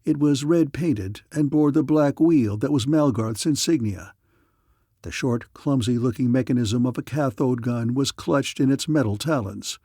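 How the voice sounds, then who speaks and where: A man narrating a science fiction audiobook in a dramatic, measured manner. His voice sits at a middle pitch, and the recording is dry and close, with no room sound. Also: dark tone, breathy edge, dry recording.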